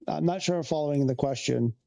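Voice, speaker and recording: Gravelly, mellow man streaming. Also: a little high, fast. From Canada. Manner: rambling, trails off and restarts, answers chat questions. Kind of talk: casual livestream chat with viewers.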